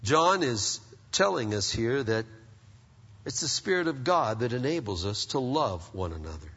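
A man's voice: mid-range voice, moderate pace, slightly rough. Man preaching in a reverberant hall. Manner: animated, conversational preaching with rhetorical questions. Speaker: pastor. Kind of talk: sermon. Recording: dull sound with long reverb, as in a church hall.

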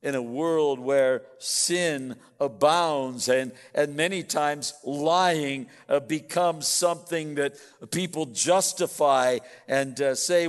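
A man's voice: a little high, slow pace, clear, resonant tone. A male pastor preaching a sermon, earnest and speaking directly to his congregation. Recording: echoey church hall.

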